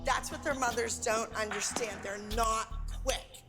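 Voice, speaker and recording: A woman's voice: on the high side, fairly even intonation, unhurried, long reverb tail, over loud music. A woman dance coach in a reality TV clip, speaking in a curt, commanding way.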